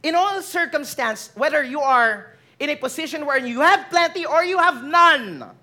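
High bright Filipino preacher. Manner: lively, code-switching, teasing the congregation. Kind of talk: sermon.

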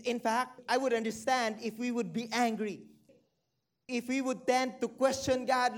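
Preacher doing a sermon, mid-pitched voice, reads scripture then asks the crowd questions, drags out key words slow. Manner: slows down and stretches key phrases for emphasis; drops low and quiet on sad points, rises on excited ones.

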